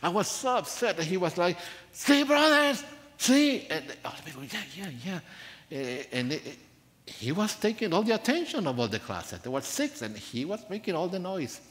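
Soft-spoken preacher in a reverberant church. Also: male voice, on the high side, sing-song, fairly quick. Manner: soft-spoken, earnest storytelling with rising emphasis. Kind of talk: sermon. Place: church sanctuary.

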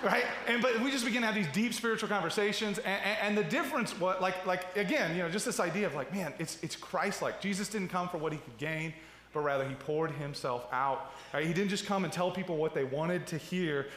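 A man's voice: on the high side, a little fast, fairly bright tone. Conversational man preaching in a reverberant church. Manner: conversational preaching with asides and repeated "right?". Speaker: pastor. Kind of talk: sermon. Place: church sanctuary. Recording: roomy hall with long reverb.

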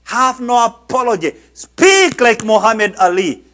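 High-voiced man preaching emphatically. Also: lively intonation, unhurried, fairly bright tone. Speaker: pastor. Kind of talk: sermon.

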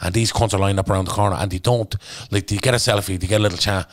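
A man's voice: fairly low pitch, racing. A man with an Irish Traveller accent, a podcast guest and actor, telling stories in blunt, sweary casual chat. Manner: blunt, sweary, animated storytelling.

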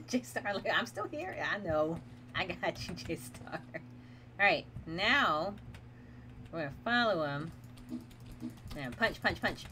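A woman's voice: lowish voice, lively intonation, takes it slowly, pauses often, pushed and bright, a little hiss or hum. A woman streamer giving casual commentary over a horror game, chatting to her viewers, laughing often and nervously talking herself through it. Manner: chatty, talks to chat while playing, laughs often; nervous self-reassurance while playing a horror game.

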